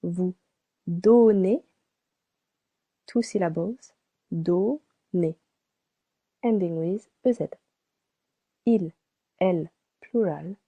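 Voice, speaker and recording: A woman teaching a beginner French lesson, slowly spelling out and repeating each word for practice. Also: lowish voice, dark tone, slightly rough. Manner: slow and deliberate, repeats words for practice. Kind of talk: slow scripted language lesson.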